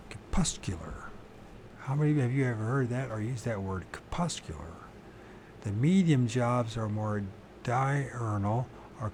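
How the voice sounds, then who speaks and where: A man's voice: on the low side, a little mellow, slight background noise. A man reading a book aloud, stumbling over words and correcting himself, with casual muttered asides to his listeners. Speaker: channel host reading aloud.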